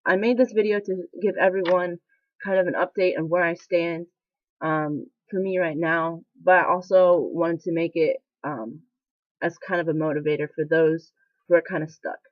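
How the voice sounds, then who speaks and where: A woman's voice: fairly low pitch, steady tone, moderate pace, no room sound. Candid young woman vlogging. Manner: candid, rambling, emotional, with frequent fillers. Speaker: military trainee vlogger. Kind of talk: casual confessional vlog. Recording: dry, slightly dull lo-fi sound.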